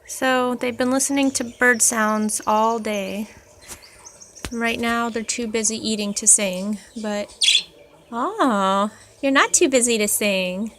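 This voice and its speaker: A woman's voice: fairly high pitch, animated, takes it slowly, a bit bright, a little hiss or hum. A woman filming her pet birds at home, cooing to them in sing-song baby talk. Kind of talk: casual home video, talking to pet birds.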